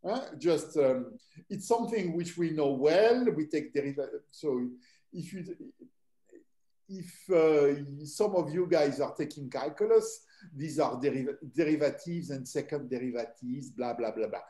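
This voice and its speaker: An older man from southern France with a French accent, a mathematics professor lecturing to students in a relaxed, hesitant way full of fillers. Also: on the high side, measured pace. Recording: echoey room.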